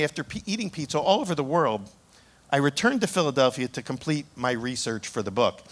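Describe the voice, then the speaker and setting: Man telling a lively story as an author. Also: medium pitch. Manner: lively anecdotal storytelling with small restarts. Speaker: author giving a talk. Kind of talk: storytelling talk.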